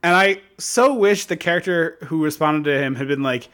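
A man's voice: fairly high pitch, normal speed, few pauses, fairly bright tone. A man co-hosting a casual movie-review podcast, riffing sarcastically and laughing often. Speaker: podcast co-host.

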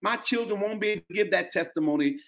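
A man's voice: sits high, fast, fairly bright tone. A middle-aged man with an African-American English accent, preaching a sermon as pastor, calling out to the congregation and repeating phrases for emphasis.

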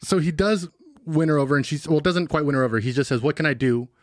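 A man co-hosting a casual podcast, quickly retelling movie scenes and acting out the lines. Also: fairly high pitch, no echo, studio quality. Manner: quick, acts out characters' lines while retelling. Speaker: podcast co-host. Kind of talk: casual chat about a movie.

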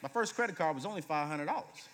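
A man in his late thirties, a guest preacher telling humorous stories in a sermon, moving between loud bursts and hushed moments. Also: on the high side, animated, quick pace, noisy background. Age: 30s. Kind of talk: sermon with storytelling. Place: church sanctuary. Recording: reverberant church hall.

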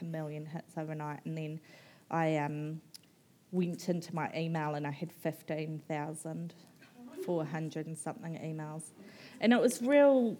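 A New woman with a somewhat low voice tells her story in a candid, conversational way. She is frank and animated, drops a casual swear word, laughs easily and fills her sentences with "like". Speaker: author guest at a book festival. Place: live book festival stage.

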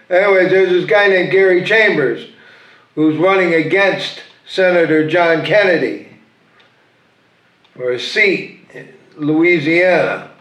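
High-voiced man giving blunt political commentary. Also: fairly bright tone, low-quality recording. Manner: opinionated, blunt, conversational. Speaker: podcast host.

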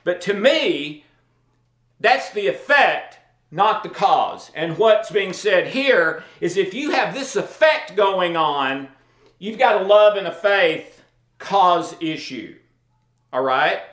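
A man's voice: sits high, expressive, slow pace, a bit bright, roomy sound. A man giving an informal Bible teaching in a conversational way, often checking in with his listeners. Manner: conversational, checks in with "okay?" and "all right?".

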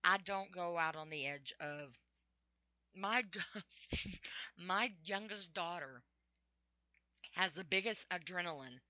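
Chatty woman with a bright dry voice. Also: lowish voice, slow, pauses often, no echo. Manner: chatty storytelling with frequent ums and laughs. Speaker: vlogger. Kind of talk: casual personal monologue.

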